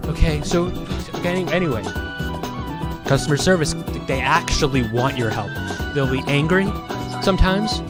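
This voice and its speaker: A man's voice: fairly high pitch, expressive, normal speed, music in the background. A man streaming, chatting casually in a profane, ranting way. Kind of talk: casual chat.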